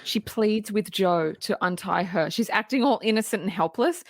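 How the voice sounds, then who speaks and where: Female podcast co-host, mid-pitched, dry studio sound, chatty, laughing film recap. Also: normal speed, dry recording. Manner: lively scene-by-scene recap, laughs often, swears casually. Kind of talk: casual film-review chat.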